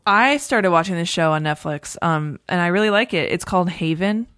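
A woman with a notably low voice co-hosts a podcast, chatting casually and rambling with plenty of fillers. Her voice sits close and dry, with no room sound around it. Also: a little fast, fairly bright tone, clean tone, dry recording. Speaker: podcast co-host. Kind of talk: casual chat.

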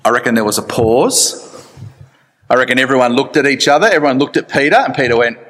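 A man preaching a sermon in church, chatty and animated with dry asides. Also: medium pitch, fast, long reverb tail. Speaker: pastor.

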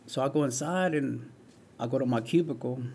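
A man in his forties with a gravelly, creaky edge to his voice tells his life story in an earnest, plain way, often throwing in "man" and "right". His pitch sits in the middle range. Faint noise hangs behind him. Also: fairly quick, darkish tone. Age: 40s. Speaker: interview guest.

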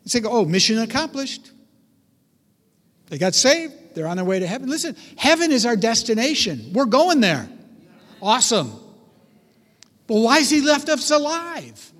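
A man preaching a sermon, telling stories with animated delivery and acting out voices. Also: extremely high pitch, moderate pace, long reverb tail. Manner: animated storytelling, acts out voices. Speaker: pastor.

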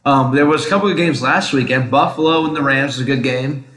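A man in relaxed podcast chat, with a bright voice and hesitant ums. He swears casually. The room around him gives a noticeable echo. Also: medium pitch, fast. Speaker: podcast co-host. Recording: roomy echo.

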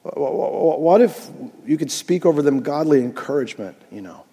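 A man preaching a Father's Day sermon as pastor, animated and jokey, swinging from loud to soft. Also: on the high side, moderate pace, few pauses, big-room sound.

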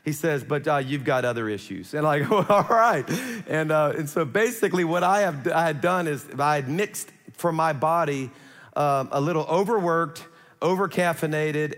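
A middle-aged male pastor with a fairly high voice tells a personal story from the pulpit in an animated, chatty way, acting out the lines people said. His voice rings with a long reverb, as in a large church sanctuary. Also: normal speed. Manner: animated, conversational, acts out quotes. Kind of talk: sermon storytelling.

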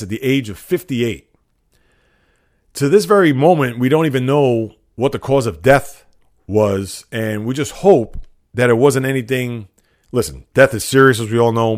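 A man hosting his own sports podcast, talking through news in a conversational, opinionated way. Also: mid-range voice. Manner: conversational, opinionated, scolding at times. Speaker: podcast host. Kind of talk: solo sports podcast commentary.

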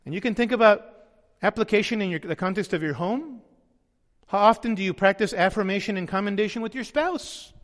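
A man's voice: sits high, a little fast, fairly bright tone, in a large hall. A man preaching a sermon as pastor, earnest, sometimes voicing the people he quotes.

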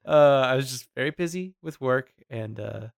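A man hosts a podcast in a relaxed, chatty way. His voice sits at a middle pitch, and he talks animatedly with quick asides. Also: creaky. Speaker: podcast co-host. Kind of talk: casual chat.

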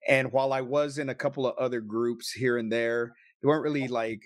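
A man's voice: mid-range voice, fairly even intonation, no room sound, studio quality. A man telling a personal story in a casual, emotional and profane way, sometimes choked up. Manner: emotional, profane, quick bursts.

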